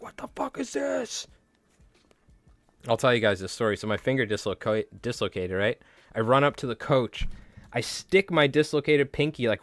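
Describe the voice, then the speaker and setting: A young man hosts a live stream in a loose, casual chat. He rambles through stories, leaning on filler words and the odd curse. His voice sits at an ordinary pitch and sounds dry and close. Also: no room sound. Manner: rambling storyteller, heavy with filler words and swearing. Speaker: livestream host.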